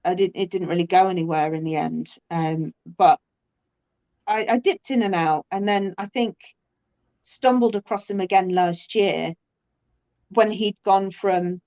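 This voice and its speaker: A woman with a British accent in a casual conversation, chatty and quick to laugh. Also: lowish voice, fairly even intonation, a little mellow, muffled recording. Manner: chatty, laughs often, many restarts.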